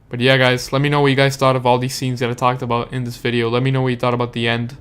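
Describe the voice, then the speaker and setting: A young man vents into his camera in a casual review, deflated and frustrated, tripping over restarts and swearing as he goes. His voice is smooth and clear, with a fairly flat, even pitch at a middle height. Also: fast talker, hardly any pauses. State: upset and deflated. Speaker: YouTube TV reviewer.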